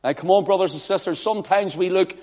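A man preaching a fervent sermon in a church, swinging between loud declarations and hushed pleading. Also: sits high, fast. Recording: long reverb of a large hall.

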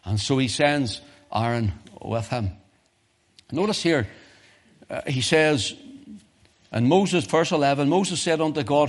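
A man with a British accent preaching a sermon, moving from quiet low musing to loud, high-pitched exhortation. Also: lively intonation, slow pace.

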